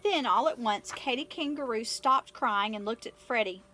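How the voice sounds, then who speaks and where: A woman reading a children's picture book aloud in an expressive, animated way. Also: on the high side, moderate pace, a little hiss or hum. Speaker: storyteller.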